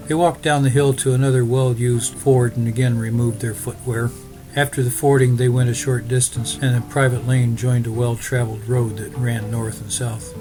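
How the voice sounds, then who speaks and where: Steady male audiobook narrator. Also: medium pitch, music in the background, rough recording. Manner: steady, measured storytelling.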